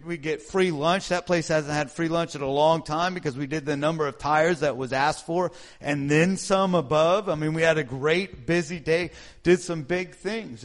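A man sharing a personal testimony in a sermon, earnest and animated, asking the listeners call-and-response questions. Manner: drops to a low hushed voice when praying. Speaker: lay preacher sharing testimony.

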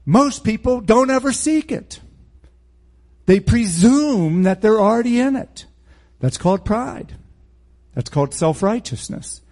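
A man's voice: high-pitched, lively intonation, measured pace, long pauses, darkish tone. A man preaching a verse-by-verse Bible teaching sermon in a blunt, emphatic way, with sarcastic asides.

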